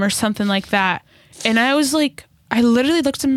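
A woman's voice: a little high, fairly quick, no echo, clean studio sound. A young woman chatting casually as a podcast co-host, telling stories and acting out the people in them. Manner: animated storyteller, acts out quotes. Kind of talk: casual chat.

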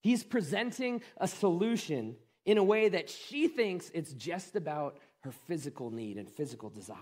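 A man's voice: fairly high pitch, sing-song, moderate pace, hardly any pauses, darkish tone. A man preaching a sermon as a pastor, retelling the story in a conversational way and often repeating his words.

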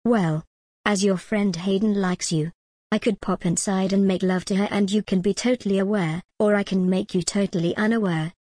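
A woman voicing a calm, commanding jinn spirit in an audiobook, measured and formal. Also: medium pitch, no room sound, studio quality, natural voice.

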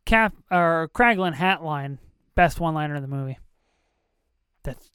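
An excitable podcast host talking over a movie, reacting emotionally and slipping into whispers at moving moments. The voice is smooth and clear, with a slow, unhurried pace and a dry, close sound. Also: medium pitch, no room sound.

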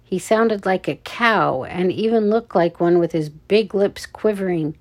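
Slow-reading woman storyteller. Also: mid-range voice. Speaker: narrator. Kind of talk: children's story read aloud.

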